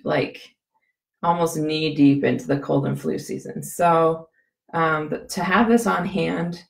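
A woman with a scratchy, gravelly voice, giving a chatty how-to demonstration, rambling with many fillers and restarts. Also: low-pitched, echoey room. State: scratchy voice from a cough. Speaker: essential oil demonstrator.

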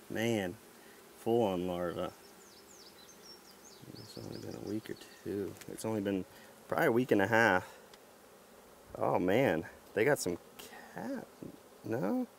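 A man vlogging outdoors as he works a beehive, talking to the camera in an excited, folksy way. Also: fairly low pitch, vocal fry, a little hiss or hum. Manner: excited, folksy, talks to camera while handling hives. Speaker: beekeeper vlogger. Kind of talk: casual outdoor narration while working. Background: buzzing bees.

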